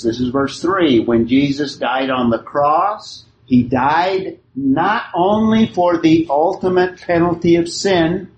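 Male Bible study teacher, slow deliberate delivery, checks that the class follows, echoey room. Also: fairly high pitch, a little hiss or hum. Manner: often checks the class understands.

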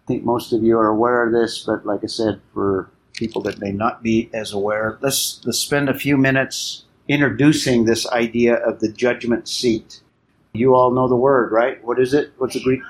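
Measured man teaching a Bible class. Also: medium pitch, a little hiss or hum. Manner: measured and explanatory, questions the class.

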